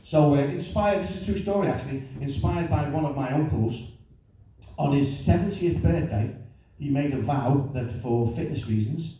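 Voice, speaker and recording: A middle-aged man doing a lively, self-mocking stand-up comedy routine. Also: mid-range voice, moderate pace. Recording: echoey room, distant mic, faint noise.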